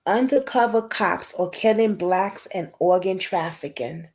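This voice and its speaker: A woman's voice: lowish voice, unhurried, a little mellow. A woman hosting a casual livestream chat, talking emotionally and in a rambling way, greeting viewers by name. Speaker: livestream host.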